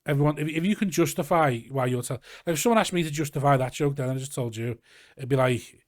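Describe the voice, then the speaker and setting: A young Scouse man, a comedian, chatting casually in a podcast, rambling and animated as he tells stories and swears freely. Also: fairly high pitch, quick pace, dry recording, studio quality. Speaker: comedian guest. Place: garage.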